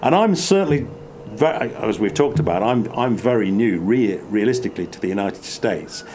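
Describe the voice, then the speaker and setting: Man with an English Midlands accent, low-pitched, thoughtful conversational host. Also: normal speed, slight background noise. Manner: reflective, many restarts, animated bursts. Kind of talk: casual chat.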